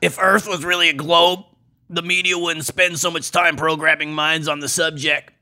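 A gravelly, chain-smoking crank, as a man puts him on for a podcast bit. He drawls out his rants high in the voice with a bright, hard edge and a rough rasp underneath. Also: level tone, moderate pace. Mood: preachy. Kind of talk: comedic character voice on a podcast.

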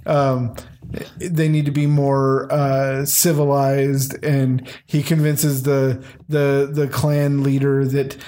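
A man's voice: medium pitch, little pitch movement, takes it slowly, warm tone. A man in casual chat, rambling and acting out scenes from a show he loves. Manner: rambling, acts out scenes in quoted voices.

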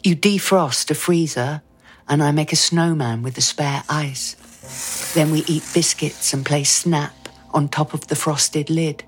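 A woman's voice: deep voice, steady tone, a little slow, a little hiss or hum. A woman actor delivering a scripted first-person dramatic monologue in an intimate, brooding way.

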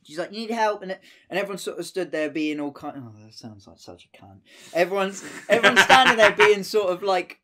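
A man's voice: high-pitched, fairly quick, pushed and bright. A young man telling a rambling, sweary anecdote in casual chat, full of fillers.

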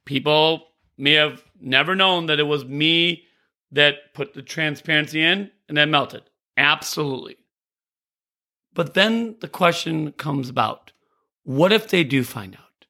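A man's voice: fairly high pitch, a little slow, sharp tone. A male teacher telling a personal story about owning up to a mistake, earnest and repeating phrases for emphasis, stumbling over restarts now and then. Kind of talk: personal story, motivational talk.

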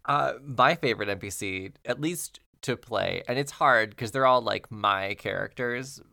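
A man's voice: mid-range voice, measured pace, vocal fry, bright, forceful tone, no room sound, clean studio sound. A man who is a player on a role-playing podcast, chatting with supportive, easygoing reactions. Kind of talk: casual chat.

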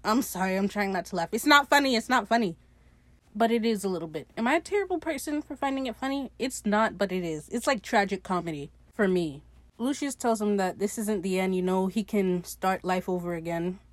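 A woman's voice: medium pitch, animated, fairly quick, no echo. A young woman casually recapping a TV episode on her podcast, chatty and sarcastic, swearing freely and laughing at her own jokes.

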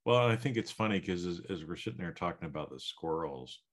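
Very deep-voiced man co-host. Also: lively intonation, fairly quick. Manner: reflective, rambling, many fillers. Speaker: podcast co-host. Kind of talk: casual chat.

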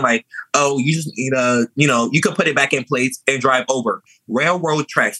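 A young man telling a story in an animated, sassy way, chatting casually. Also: medium pitch, slightly rough, dry recording, low-quality recording. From New Orleans. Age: young adult.

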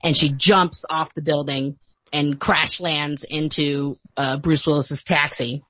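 Podcast guest, woman around thirties, low voice, dry close sound, lively storyteller. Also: no echo. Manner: animated retelling, quick laughs, acts out quotes. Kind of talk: casual film chat.

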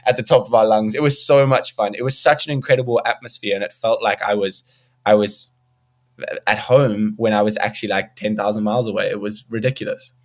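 A young man, a musician guest in a casual interview, telling an animated story and acting out what people said. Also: on the low side, a little fast. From South Africa. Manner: animated storyteller, acts out quoted dialogue.

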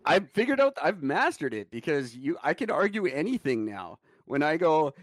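A man's voice: a little high, big pitch swings, moderate pace, few pauses, no echo. A man co-hosting a podcast, telling profane, joking stories in casual chat. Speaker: podcast co-host.

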